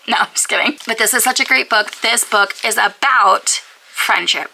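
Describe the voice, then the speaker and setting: Talking fast in a fairly high, gravelly voice that sounds pushed and bright, a woman vlogs about books to camera on poor audio. She gushes with frequent "like" fillers and now and then whispers for emphasis.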